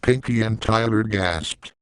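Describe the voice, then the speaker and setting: A man's voice: on the low side, measured pace, a bit bright, clear, resonant tone, poor audio. A man reading a fan story aloud in a plain way, adding his own side comments. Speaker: story reader.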